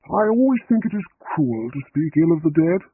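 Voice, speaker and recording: A man's voice: fairly high pitch, sing-song, normal speed, a little hiss or hum, voice pushed up. A man doing a mild apologetic old vicar. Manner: mild, gentle, genteel. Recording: tinny lo-fi dry recording.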